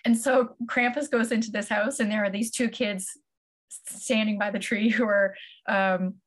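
A woman co-hosting a casual podcast chat, telling a story with animated quoted voices. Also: mid-range voice, normal speed. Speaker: podcast co-host.

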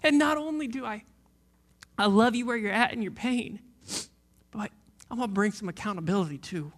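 Preaching at a normal pace in a high voice, a man in his thirties delivers a sermon as a pastor. He is passionate and repetitive, moving between loud emphasis and quiet near-whispers.

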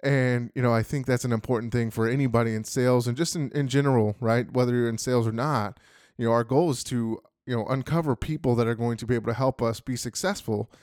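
A man's voice: mid-range voice, fairly even intonation, fast talker, darkish tone, dry recording, clean studio sound. A man giving a casual motivational talk as a sales team leader, speaking conversationally with many "you know" fillers.

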